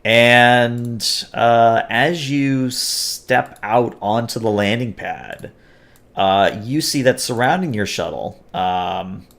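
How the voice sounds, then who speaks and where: A man's voice: medium pitch, takes it slowly, creaky, a bit bright. A man narrating as game master, hesitant and full of filler sounds.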